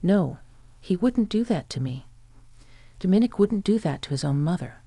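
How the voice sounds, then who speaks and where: A woman's voice: on the low side, lively intonation, moderate pace, warm tone, dry recording. A woman voicing a scheming, self-pitying grandmother who talks in an indignant, whiny way.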